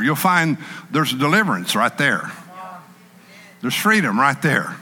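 A man preaching a sermon in an animated way, acting out panicked people in a raised voice. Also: mid-range voice, unhurried, long pauses, slightly rough, in a large hall.

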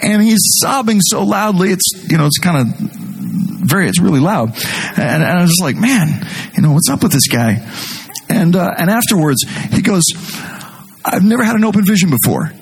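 Husky-voiced man preaching a sermon. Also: high-pitched, low-quality recording. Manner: conversational, animated storytelling with rising intensity; reads scripture slowly and deliberately.

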